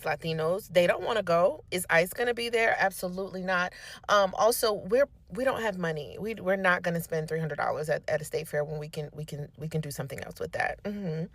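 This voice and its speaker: A woman talks in a quick, joking vlog style and often circles back over her words. Her voice sits a bit low, and the recording is dry and close. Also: a bit bright, dry recording. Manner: quick, joking, repeats herself. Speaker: social media commentator. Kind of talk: casual vlog commentary.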